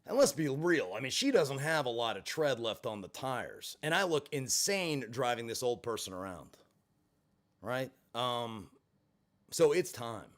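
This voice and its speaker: A man's voice: medium pitch, measured pace. A man telling a personal story in a vlog, swearing freely and adding sarcastic asides. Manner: expressive, profane, sarcastic asides. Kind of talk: animated storytelling monologue.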